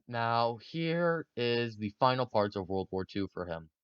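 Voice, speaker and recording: A man's voice: medium pitch, big pitch swings, measured pace, few pauses, smooth, dry recording, lo-fi sound. A man casually narrating history for a video, rambling and joking with many fillers.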